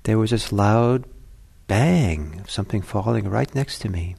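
A man's voice: fairly low pitch, lively intonation, a little slow, gravelly, a little mellow, slightly rough, heavily acted. A man voicing a frightened little male rabbit in a storybook fable, urgent and alarmed.

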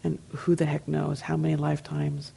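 Gravelly New Jersey woman teaching meditation. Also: low voice, normal speed, rough recording. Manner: conversational, relaxed storytelling. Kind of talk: dharma talk question and answer.

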